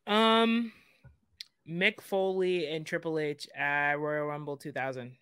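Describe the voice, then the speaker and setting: A podcast guest telling rambling, emotional stories in casual chat. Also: male voice, fairly high pitch, steady tone, takes it slowly, a bit bright, clean tone, no echo, studio quality. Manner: emotional, rambling storyteller with many fillers.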